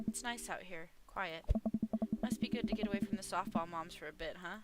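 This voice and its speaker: A woman hosting a let's play, reading out all of the game's dialogue and narration in her own voice, jokey and quick to laugh. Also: medium pitch, over a noisy crowd. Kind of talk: reading game dialogue aloud. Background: game music.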